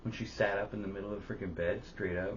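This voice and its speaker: A man co-hosting a casual podcast, telling stories animatedly and swearing often. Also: fast. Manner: animated storyteller, swears a lot, jumps high for quoted voices. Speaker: podcast co-host. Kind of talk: casual chat. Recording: slightly dull audio with faint hiss.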